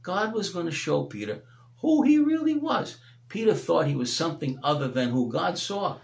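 A man preaching a sermon as pastor, swinging between loud emphatic peaks and hushed low passages. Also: sing-song, moderate pace, gravelly, echoey room. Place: church sanctuary.

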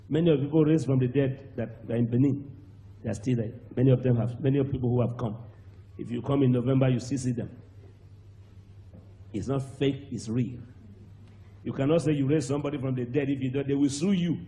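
A man with a Nigerian accent preaching a sermon, telling a testimony with animated acted-out voices and sudden shouts. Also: mid-range voice. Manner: animated storyteller, acts out voices, bursts into shouts and laughter.

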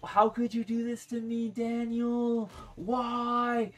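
A man voicing a pleading, whiny male driver with a high, drawn-out wail. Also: monotone.

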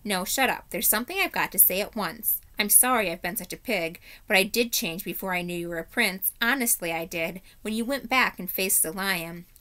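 A woman's voice: mid-range voice, brisk, few pauses, pushed and bright, natural voice. A woman voicing a proud young girl of noble upbringing, frank and eager, while reading a story aloud to children.

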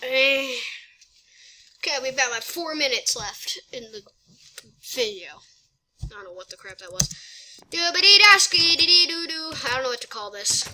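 A woman narrates her gameplay in a high, piercingly bright voice. She is excitable and chatty, muttering to herself between moves. It is casual let's play commentary from a gaming channel host. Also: a little fast, poor audio.

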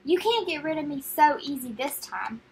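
A woman voicing a menacing little male imp in a storybook reading, with a high, squeaky, taunting voice. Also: lively intonation, normal speed, gravelly. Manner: taunting, demanding.

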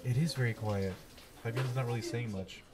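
A man teaching a class and hosting the show, asking questions in a relaxed, playful, teasing way. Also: mid-range voice, brisk.

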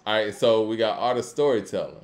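A man's voice: on the low side, steady tone, fast. A man co-hosting a podcast, talking in an easygoing, hesitant way with many ums during a casual debate. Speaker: podcast co-host.

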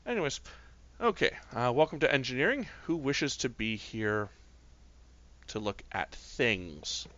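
Male game master, bright tone, halting narration, dry muffled recording. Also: mid-range voice, dry recording. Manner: relaxed, hesitant narration with many fillers.

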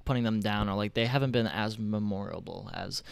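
A man's voice: fairly low pitch, brisk, creaky, clean tone, dry recording. A man hosting a casual podcast, explaining things in a rambling way with many fillers. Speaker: podcast host.

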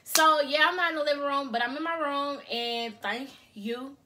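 A young woman talks straight to her viewers from her bedroom, chatty and easygoing, calling them y'all and tagging okay onto her sentences. Her voice sits high and sounds bright. She records on her cell phone. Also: normal speed, a little hiss or hum. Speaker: mukbang vlogger. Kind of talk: casual chat to viewers.

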